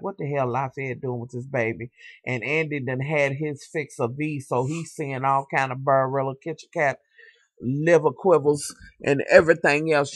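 Sassy, animated young man recapping a show. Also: fairly high pitch, no room sound. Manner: animated, sassy storytelling with slang and asides to viewers; swears freely. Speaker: TV show reviewer. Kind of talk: casual recap vlog.

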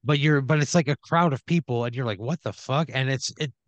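A man's voice: mid-range voice, quick pace, dry recording, highs cut off. A man on a comedy podcast telling a long improvised hypothetical, rambling with lots of "like" and "right?".

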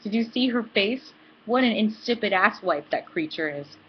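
A woman's voice: on the low side, fairly quick, slight background noise, lightly acted. A woman reading aloud as a brash young college woman who talks bluntly and swears freely, on a dull, lo-fi recording. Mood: taunting. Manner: blunt and profane.

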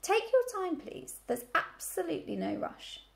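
A woman's voice: very high-pitched, big pitch swings, normal speed, creaky, pitched above the performer's own voice, full character voice. A woman voicing an earnest, very polite young male pig who speaks formally and eagerly in a storybook reading.

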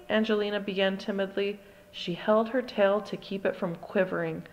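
A woman reading a children's storybook aloud for little ones, with gentle, expressive narration. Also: mid-range voice, normal speed, muffled recording. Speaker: storybook reader.

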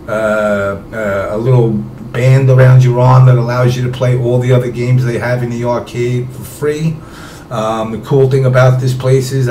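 A man's voice: mid-range voice, dark tone. A man hosting a casual streamed talk show, rambling and swearing offhandedly. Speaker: show host. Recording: roomy with background noise.

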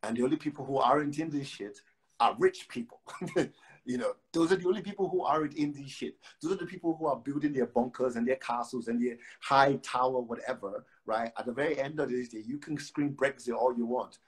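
A man's voice: mid-range voice, brisk. A man, a poet, chatting loosely with many fillers and then reciting spoken word verse with rhythmic emphasis over a phone live stream. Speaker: guest poet. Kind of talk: casual chat and spoken word poetry reading. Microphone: phone on a live video stream.

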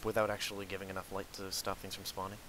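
A man's voice: deep voice, flat delivery, rapid-fire, noisy background. A young man hosting casual gameplay commentary, teasing his co-player with joking banter. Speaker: channel host.

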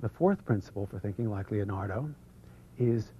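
A man presenting an instructional seminar, energetically drawing out foreign terms for the audience to repeat and sometimes dropping to a hush. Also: fairly low pitch, moderate pace, slight background noise. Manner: drops to a hush for some passages. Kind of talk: instructional seminar talk leading audience repetition. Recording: muffled lo-fi video recording.

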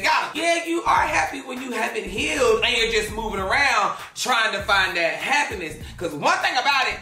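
A woman hosting a drama commentary, loud, laughing and swearing as she rants. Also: on the high side, reverberant. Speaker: commentary host.

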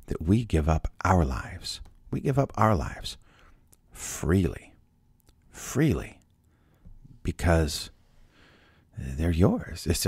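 Man with a super deep husky voice doing a devotional bible talk, chatty, lots of questions to listeners, dry close mic. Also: dry recording. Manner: conversational, rhetorical questions, restarts. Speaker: Bible podcast host.

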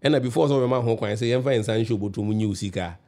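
A man's voice: medium pitch, quick pace, darkish tone. A man, a guest on a radio talk show, explaining his view at length, often restarting and checking that the listener understands. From Ghana.

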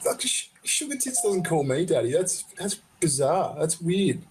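A man's voice: fairly high pitch, big pitch swings, a little slow, darkish tone, a little hiss or hum. A man hosting a casual interview, asking blunt, joking questions and often stumbling over and repeating his words. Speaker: host interviewing a guest. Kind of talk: casual, crude interview chat.

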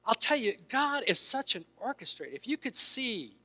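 In a reverberant hall with faint background music, an older Christian counselor narrates stories to an audience, shifting voices for each part of the dialogue. His voice is extremely high, very animated, pushed and bright, at a moderate pace.

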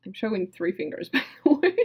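A woman's voice: mid-range voice, sing-song, a little fast, background noise. A woman hosting a casual movie reaction, chatty and giggly with playful asides. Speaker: reaction video host. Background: film audio.

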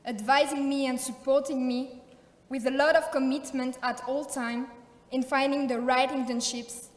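A woman's voice: high voice, flat delivery, moderate pace. French-accented young woman in an echoey hall. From France. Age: 20s. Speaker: valedictorian. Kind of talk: formal graduation speech. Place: large ceremony hall. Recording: echoey hall, distant mic.

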